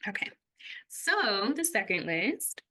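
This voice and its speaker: A young adult woman co-hosting a podcast, chatting casually and explaining a topic, laughing often and getting a little breathless when excited. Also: medium pitch, takes it slowly, low-quality recording. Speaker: podcast co-host.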